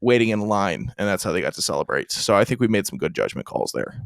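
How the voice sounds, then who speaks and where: A man's voice: fairly low pitch, sing-song, fast, vocal fry, dry recording. A young man co-hosting a sports podcast, chatting casually and teasing his co-host with dry banter. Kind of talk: casual chat.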